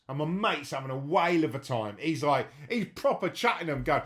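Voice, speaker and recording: Bloke podcast host, slightly high voice, crude animated stories. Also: male voice, brisk, hardly any pauses. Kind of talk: casual banter.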